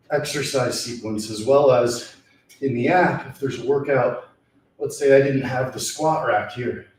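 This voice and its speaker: A man's voice: medium pitch, a little mellow, echoey room, a little hiss or hum. A young man chatting casually while working out in a small gym, sighing and out of breath between exercises. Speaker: fitness vlogger. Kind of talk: casual talk during a workout.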